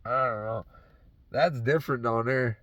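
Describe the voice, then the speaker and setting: A man's voice: medium pitch, unhurried, fairly bright tone, dry recording. Man with a half-faked Southern drawl, swearing. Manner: heavy swearing, loose and rambling. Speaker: vlogger. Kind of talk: casual rambling monologue. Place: inside his truck.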